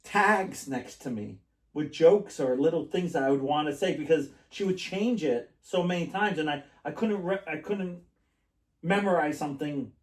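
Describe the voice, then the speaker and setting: A man's voice: on the high side, animated, moderate pace. Chatty man in an echoey room. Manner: rambling storyteller, laughs often. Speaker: podcast host. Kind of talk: casual chat. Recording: echoey room, mic at a distance.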